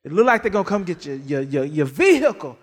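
A middle-aged pastor preaches a sermon with animated, folksy stories and lots of laughter. His voice is a little high at a quick pace, with a big-room sound.

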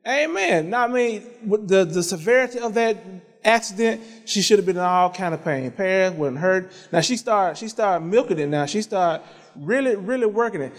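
A man preaching in a church with a high voice, swinging from easy storytelling into half-sung praise and punctuating it all with amens. The sound carries a long reverb from the sanctuary. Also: expressive, normal speed. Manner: fervent, half-sung repeated phrases; conversational storytelling with frequent amens. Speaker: pastor. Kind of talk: sermon with personal testimony.

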